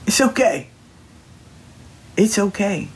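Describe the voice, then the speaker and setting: A man with a high voice swings widely in pitch, moving at a slow pace with vocal fry while a faint hiss or hum runs underneath. He shares down-home spiritual wisdom in Southern Black vernacular, keeping it casual, encouraging, and at times whispered.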